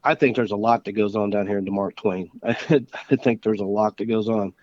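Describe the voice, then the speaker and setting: Halting male guest from Missouri. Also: on the low side, fairly even intonation, a little mellow, dry recording, lo-fi sound. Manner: halting, restarts often, earnest. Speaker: interview guest. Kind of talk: casual interview chat.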